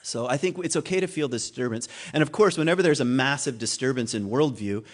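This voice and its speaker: A man's voice: mid-range voice, a little fast. A man giving a loose, conversational talk at a spiritual community. He muses aloud, laughs at himself and restarts his thoughts often. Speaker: guest speaker at a spiritual community. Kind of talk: informal sermon talk.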